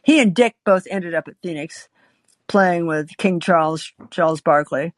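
A woman's voice: lowish voice, unhurried, dry recording. An older woman hosting a podcast, telling her own story in a wry, confiding way with frequent hesitant fillers. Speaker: podcast host. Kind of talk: storytelling monologue.

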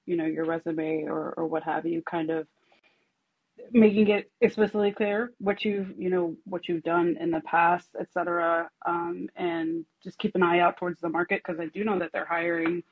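A woman on the panel offers advice hesitantly, with many fillers. Her voice is flat in pitch and a little husky. She comes through a tinny, phone-like line. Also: normal speed, no room sound.

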